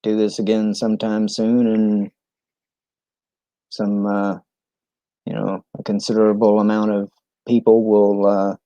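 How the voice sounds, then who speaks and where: A man from New England chatting casually on a live stream, halting and full of ums and restarts. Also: on the low side, completely flat delivery, dark tone, no echo, lo-fi sound.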